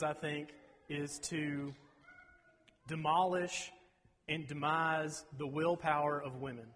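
A man in his thirties preaching a sermon, folksy and rambling, clearing his throat between asides. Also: on the high side. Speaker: pastor. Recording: reverberant hall.

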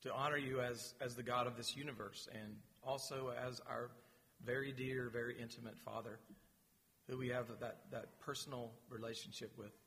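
A man leading his church in announcements and a spoken prayer, gentle and pausing, with repeated words. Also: medium pitch, fairly even intonation. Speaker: pastor. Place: church sanctuary. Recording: long reverb of a large hall.

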